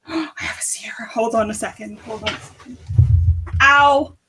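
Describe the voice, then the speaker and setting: A woman's voice: on the high side, normal speed, sharp tone, breathy edge. A young woman from South Africa co-hosting a casual book club chat, giggling often as she talks. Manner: giggly, chatty, laughs often.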